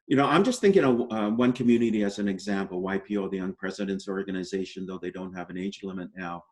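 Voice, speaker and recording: Male interview guest, lowish voice, steady measured explainer, leans on "you know" and "right?", upbeat outlook. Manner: optimistic explainer. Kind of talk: conversational interview answers.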